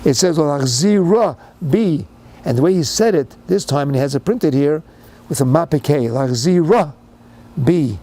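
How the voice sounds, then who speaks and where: A man's voice: a little high, gravelly, darkish tone. An older man giving a storytelling sermon in English sprinkled with Yiddish and Hebrew words, building to emphatic, fervent passages. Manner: retells a story with rising, emphatic fervor. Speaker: speaker giving a Torah talk.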